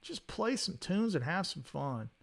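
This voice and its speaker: A man, hosting a casual guitar livestream, talking in an animated, rambling way and often repeating his words. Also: high-pitched, measured pace, creaky. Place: home studio.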